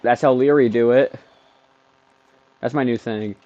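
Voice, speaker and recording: A man doing let's-play commentary on a football video game, excitable, trash-talking the game and bursting into shouts. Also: mid-range voice, unhurried. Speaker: gaming streamer. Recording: dull lo-fi dry mic.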